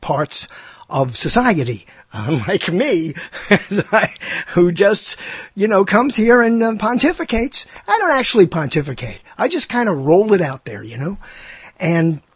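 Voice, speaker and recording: Older man, New York accent, radio host, rambling self-mocking monologue, husky voice, raised pitch. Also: big pitch swings, measured pace, no room sound. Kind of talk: casual monologue.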